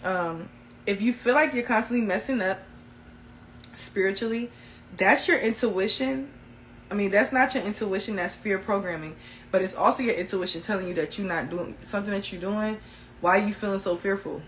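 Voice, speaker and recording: A woman in the middle of her pitch range gives a casual spiritual talk straight to her viewers. She speaks in loose, colloquial phrasing, calls them y'all, and hammers her points home by saying them twice. A faint noise sits low behind her voice. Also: normal speed, low-quality recording. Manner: emphatic, repeats key phrases for effect. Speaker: spiritual reader.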